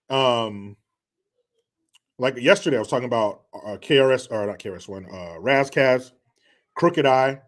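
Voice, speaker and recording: A man hosting a casual livestream, rambling and swearing as he answers comments. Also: medium pitch. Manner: profane, rambling, laughs at own jokes. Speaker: livestream host.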